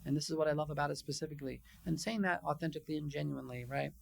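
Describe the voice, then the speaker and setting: A man, a psychologist, giving a conference training session in a conversational, animated way, acting out quotes from his patients. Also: fairly high pitch, very fast, gravelly. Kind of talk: conference lecture.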